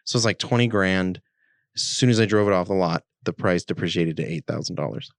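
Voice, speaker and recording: A podcast co-host tells a story in casual chat, animatedly acting out the quotes. His low voice is brisk with vocal fry, in a dry, clean studio recording.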